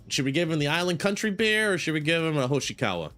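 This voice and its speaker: A man's voice: on the high side, very animated, fast talker, a bit bright, faint music behind. A man streaming a shop simulator game, chatting casually in a rambling way, full of fillers. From United States. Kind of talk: casual gaming commentary.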